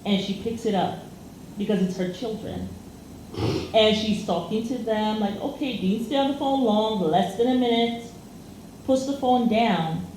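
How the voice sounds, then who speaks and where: A woman's voice: medium pitch, a little slow, a little mellow. Chatty woman in an echoey room. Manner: chatty storytelling with many fillers. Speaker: co-host. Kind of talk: casual chat. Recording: echoey room, faint noise.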